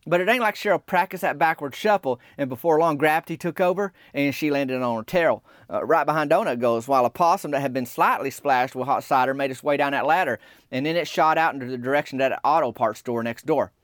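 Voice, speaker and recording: A man telling a rambling, deadpan comic story in a conversational way. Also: medium pitch, fast talker, no room sound, studio quality.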